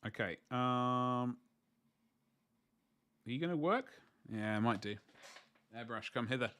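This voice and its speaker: A man's voice: mid-range voice, unhurried, fairly bright tone, a little hiss or hum. A man chatting casually to viewers on a livestream as he paints miniatures, rambling and joking in asides.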